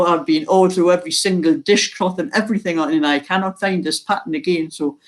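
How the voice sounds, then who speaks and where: An older woman with a mild Geordie accent, chatting slowly and casually to her viewers as host of a knitting channel, laughing often. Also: on the low side. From North East England.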